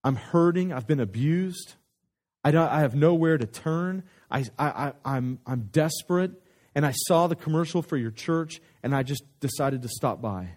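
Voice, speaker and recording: A man voicing a troubled young man who pleads for help, halting and desperate, in a slightly lower tone. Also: expressive, a little mellow.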